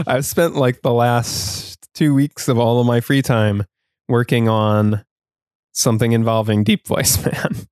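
A man's voice: mid-range voice, flat delivery, slow, a little mellow, clean tone. A male podcast co-host talking casually and laughing easily, his words broken by fillers. His voice sits in an ordinary middle register. The sound is very dry, with no room echo. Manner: chatty, laughs often, many fillers. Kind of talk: casual chat with ad read.

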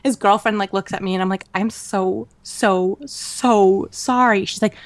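A woman co-hosting a podcast, telling a travel story in a casual, animated way with many fillers and laughs. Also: mid-range voice, unhurried, no room sound. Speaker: podcast co-host. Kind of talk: casual chat.

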